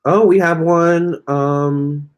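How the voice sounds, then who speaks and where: A man's voice: on the high side, steady tone, extremely slow, clean tone. A man doing a tarot reading on a live stream, answering viewer comments in a chatty, sassy way and calling them honey and girl. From Virginia. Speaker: tarot reader.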